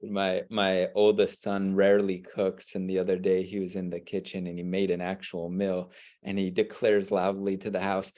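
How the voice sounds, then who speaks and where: A middle-aged man co-hosting a podcast, talking in an enthusiastic, energetic way, with frequent restarts. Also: sits low, normal speed. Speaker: podcast co-host. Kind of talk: casual chat.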